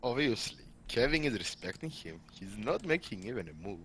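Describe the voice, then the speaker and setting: A man's voice: medium pitch, very animated, moderate pace, crowd noise, low-quality recording. A man playing in a tabletop role-playing game, chatting with playful, wry asides. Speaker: player.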